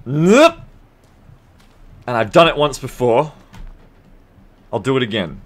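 An Australian man live-streaming a game, bantering with his viewers in a profane, sarcastic and animated way. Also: mid-range voice, takes it slowly.

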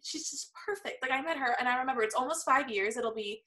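This is a teenage woman from Florida hosting a casual interview show. She gushes about her guest in a chatty run of fillers and restarts. Her voice is bright and sits a little high. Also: quick pace, poor audio. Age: teens. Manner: gushing, chatty, lots of fillers. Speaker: podcast host.

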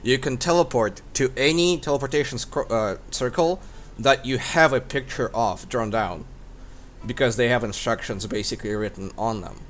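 A man acting as dungeon master, explaining rules with frequent pauses and restarts. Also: medium pitch. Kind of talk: running a tabletop game.

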